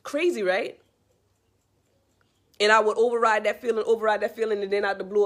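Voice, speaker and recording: A vlogger gives life advice in a loose, heartfelt monologue, speaking straight to the listener as if to a friend in a casual, direct way. Her mid-range voice stays steady and brisk, broken by long pauses, and she's earnest and a bit preachy, repeating the same phrases to drive points home.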